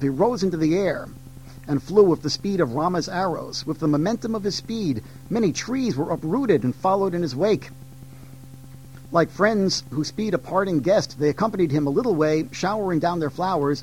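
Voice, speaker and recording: A man's voice: on the high side, expressive, normal speed, darkish tone, rough recording. A man reading literature passages aloud as a teacher, with ums and restarts when he talks between passages. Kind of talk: classroom read-aloud of literature.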